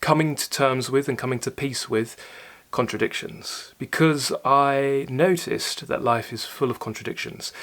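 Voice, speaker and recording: Young male host, mid-pitched, earnest and reflective, unscripted solo talk with fillers. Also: measured pace, a bit bright. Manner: thoughtful, earnest, with fillers and restarts. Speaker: channel host answering viewer questions. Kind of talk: casual solo talk to camera.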